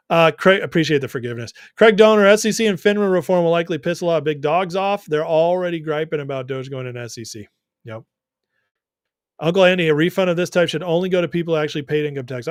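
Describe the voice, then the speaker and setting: A man's voice: on the high side, quick pace, dry recording, studio quality. A young man hosting a political livestream, reading viewer comments and giving his opinions in a casual, conversational way.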